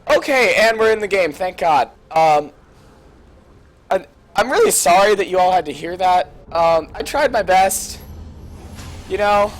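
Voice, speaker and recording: A young adult student caster rambling casually and hesitantly to fill a long pause in a game stream, with self-deprecating asides. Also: medium pitch, lively intonation, soft background music.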